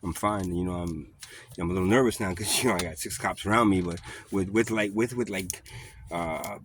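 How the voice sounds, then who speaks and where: A man telling a story in a rambling, profane way, with many halting restarts. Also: low-pitched, slight background noise. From New York. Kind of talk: casual storytelling vlog.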